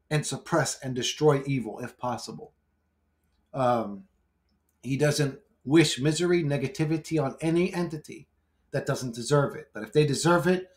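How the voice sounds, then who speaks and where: Brash, foul-mouthed man ranting casually. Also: fairly high pitch. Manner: brash, profane, rambling, laughs often. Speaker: YouTuber. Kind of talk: casual vlog monologue.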